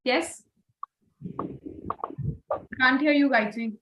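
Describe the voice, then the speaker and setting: Trainer type: high-pitched woman, upbeat class leader who keeps praising students, slightly roomy sound. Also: very slow, dull audio, noisy background. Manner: encouraging, repeats praise, mixes in Hindi. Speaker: voice and communication trainer. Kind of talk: online class. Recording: roomy echo.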